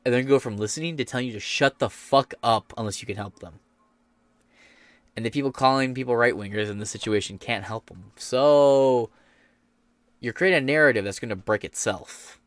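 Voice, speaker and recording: A man's voice: medium pitch, moderate pace, dry recording. A man hosting a podcast, giving a profane, sarcastic, rambling rant of political commentary. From United States. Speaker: podcast host.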